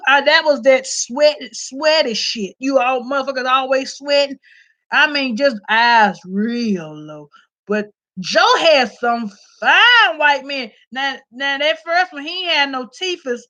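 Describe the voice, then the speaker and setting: A woman telling a story in casual commentary, loud and animated, swearing and laughing. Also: sits high. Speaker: vlogger reviewing a documentary. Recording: slightly dull lo-fi audio.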